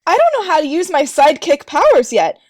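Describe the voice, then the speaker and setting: A woman voicing an earnest nine-year-old girl hero in a comedic fanfiction reading, with a high, eager, childlike delivery. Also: sing-song, fairly quick, a little mellow.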